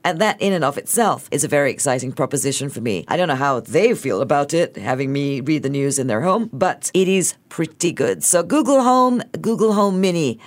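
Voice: mid-range voice, expressive, a little fast, few pauses. Playful radio host. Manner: playful, teasing. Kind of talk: casual radio chat.

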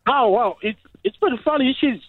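A man on a thin, phone-like line talks in a high, lively voice. He is relaxed, repeats words as he goes and laughs easily. The sound is close and dry. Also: brisk, no room sound, soft background music. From Nigeria. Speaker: radio caller. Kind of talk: casual phone chat.

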